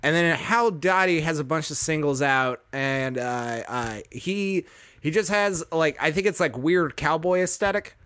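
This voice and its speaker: A man's voice: a little high, unhurried, a bit bright, clean tone. A man co-hosting a podcast in casual chat, rambling with lots of filler words and casual swearing. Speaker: podcast co-host.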